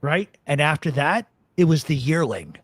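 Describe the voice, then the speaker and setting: A talk host who swears freely and wanders from story to story. His husky voice leaps up and down as he talks. He is recorded close and dry, with no room sound. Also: a little high, normal speed, dry recording. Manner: profane, rambling, animated storyteller. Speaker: podcast host. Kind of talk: casual chat.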